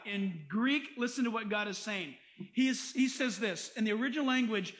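High-voiced, animated male pastor. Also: normal speed. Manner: animated, emphatic, joking, quotes scripture. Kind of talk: sermon.

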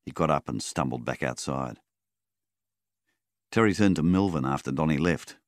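A man narrating an audiobook in a measured, plain way. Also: very deep voice, lively intonation, no echo, studio quality. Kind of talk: scripted narration.

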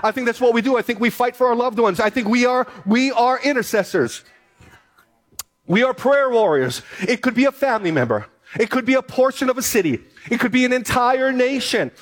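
High-voiced earnest man preaching a sermon. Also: moderate pace. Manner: earnest, repeats key phrases for emphasis. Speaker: pastor.

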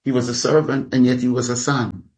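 A man preaching a sermon as a pastor, speaking deliberately and calling his listeners beloved. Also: mid-range voice, fairly even intonation, darkish tone.

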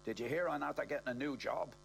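A man's voice: mid-range voice, fast talker, creaky, faint music behind, voice pushed up, close to an everyday voice. A man doing a chirpy Dublin older man. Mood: cheery. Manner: cheery, eager to please.

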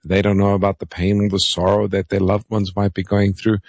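A man co-hosting a radio Bible call-in show, gently explaining scripture and taking callers. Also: lowish voice, completely flat delivery, vocal fry, no echo, studio quality. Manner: gentle, explanatory, reads phone numbers slowly. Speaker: radio co-host pastor.

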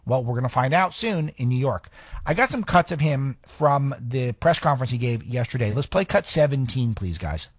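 A man's voice: mid-range voice, animated, normal speed, slightly rough, dry recording. A man hosting a talk radio show, giving sarcastic, rambling political commentary into a studio microphone.

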